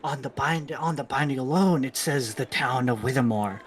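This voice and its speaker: Guy playing dnd, chatty, goes theatrical and hushed for his character bits. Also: mid-range voice, normal speed, a little hiss or hum. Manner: animated, slips into a theatrical conspiratorial voice in character. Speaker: player. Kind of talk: tabletop role-play, in and out of character.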